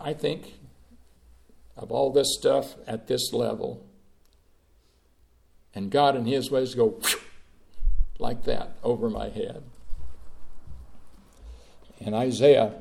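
A man from Mississippi, preaching a sermon with long pauses and swings between soft and loud. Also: mid-range voice, creaky. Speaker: pastor.

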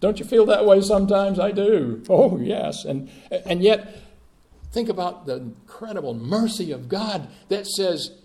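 Brief: male pastor, slow and emphatic sermon delivery, slightly high voice, dramatic soft-to-loud swings. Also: animated. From Mississippi.

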